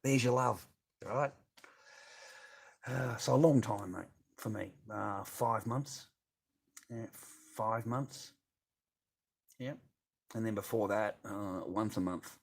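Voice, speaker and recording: A middle-aged Australian man with a fairly low, breathy voice with vocal fry reads chat on a livestream, rambling casually at a slow pace and pausing often. His tone is bitter and profane, with swearing in nearly every sentence.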